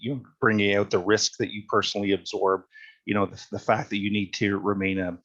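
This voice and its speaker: A man moderates a town hall panel, summing up what a speaker said with plenty of fillers. His voice sits low, and the audio sounds dull and lo-fi. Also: little pitch movement, a little fast, gravelly, a bit bright.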